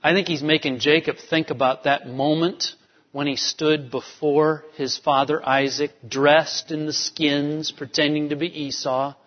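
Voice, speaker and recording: A man's voice: a little high, flat delivery, a little slow. A man preaching a sermon as pastor, emphatic, with sudden drops to near-whispers. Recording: dull sound in a long-reverb hall.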